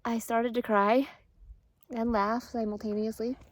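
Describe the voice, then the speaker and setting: A middle-aged woman, a respiratory therapist, telling a personal story in a soft, hushed, earnest way. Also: a little high, level tone, measured pace, no echo.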